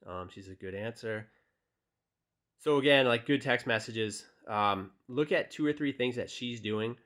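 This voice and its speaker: Speaking a little slowly at medium pitch, this young man coaches people on dating. He reads text messages aloud throughout a casual, relaxed, direct tutorial full of fillers.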